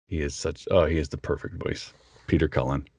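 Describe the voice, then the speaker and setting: A man, a voice actor, chatting in an interview and animated, often breaking into impressions. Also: extremely low pitch, brisk, slightly rough, no room sound. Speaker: voice actor guest. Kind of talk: casual interview chat.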